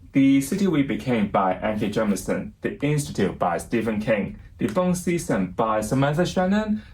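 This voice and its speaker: A man giving a casual bookshelf tour as a book vlogger, chatty and self-deprecating, pausing now and then to recall titles. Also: fairly low pitch, darkish tone, slight background noise, poor audio. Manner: chatty, self-deprecating, laughs lightly at himself; pauses to recall titles and names.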